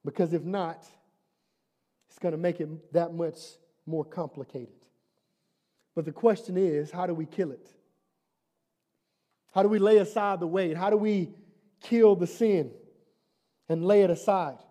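A man's voice: sits high, unhurried, pauses often, mellow. A man preaching a sermon as pastor, conversational and humorous, asking the congregation questions and building to emphatic repeated lines.

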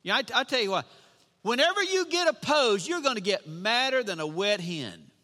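High, bright preacher in a hall. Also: male voice, sing-song, normal speed. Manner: emphatic preaching, repeats lines, asks the congregation questions. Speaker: pastor. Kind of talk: sermon. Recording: long reverb of a hall.

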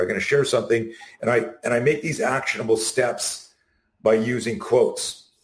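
A middle-aged man being interviewed, talking in an animated way and acting out the quotes in his stories. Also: medium pitch. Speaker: guest. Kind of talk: casual interview. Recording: roomy echo.

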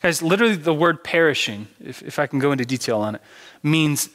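A man's voice: fairly high pitch, expressive, fast, a bit bright. A male pastor preaching a sermon with earnest, dramatic storytelling. He often repeats words as he starts his sentences. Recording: long hall reverb.

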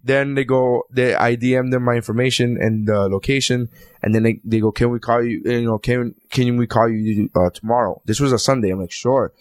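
Fast-talking, worked-up man telling a story. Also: medium pitch, steady tone, darkish tone, no room sound. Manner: worked-up, indignant storytelling with heavy swearing. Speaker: podcast co-host telling a story. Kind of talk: casual chat.

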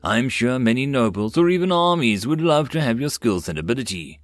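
Man reading as a calm, direct young lord. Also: mid-range voice, brisk, dry recording, pitched above the performer's own voice, natural voice.

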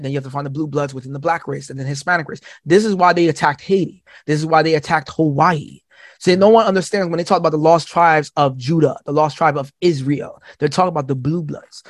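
Rambling, high-pitched man who swears freely. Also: no echo, clean studio sound. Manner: rapid rambling monologue, swearing, says "right?" often; acts out quoted voices in a high pitch. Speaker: podcast guest. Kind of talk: casual podcast chat.

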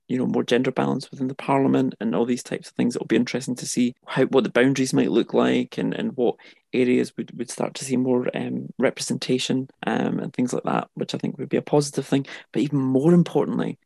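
A man discusses politics in a relaxed, thinking-aloud way, often pausing and restarting. His voice has a gravelly edge and sounds close and dry, with no room around it. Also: medium pitch, no room sound. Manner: thoughtful, many fillers and restarts. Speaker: podcast co-host.

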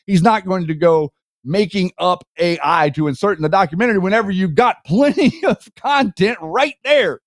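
A man's voice: high voice, moderate pace, no room sound, studio quality. Argumentative man, stumbling restarts. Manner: repeats words when starting, argumentative. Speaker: co-host. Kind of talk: casual political talk stream.

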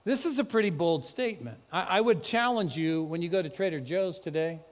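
A man preaching a sermon, talking conversationally and then rising to loud, emphatic peaks. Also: high voice, expressive, brisk, long reverb tail. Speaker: pastor. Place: church sanctuary.

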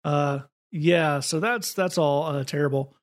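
A man with a Southern accent co-hosting a podcast, talking quickly and wryly in casual comedic chat. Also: on the high side. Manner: quick, wry, with frequent restarts. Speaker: podcast co-host.

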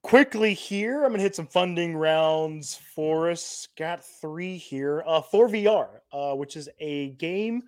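A man's voice: fairly high pitch, animated, takes it slowly, few pauses, darkish tone, no room sound, studio quality. A man hosting a podcast, chatting casually about sports and reading out funding news, often repeating himself. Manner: hesitant, repeats himself, reads lists of funding rounds. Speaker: podcast host.

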